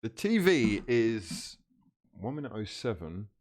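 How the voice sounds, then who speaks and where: A man's voice: fairly low pitch, sing-song, slow, slight background noise. A man hosting a live football watchalong stream, reading out chat comments, teasing viewers and laughing often.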